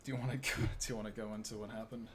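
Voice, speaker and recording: A man's voice: fairly low pitch, level tone, very fast, a bit bright, a little hiss or hum. A man hosting a game stream, talking loosely and chattily to a guest and to his chat. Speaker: streamer host. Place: home room.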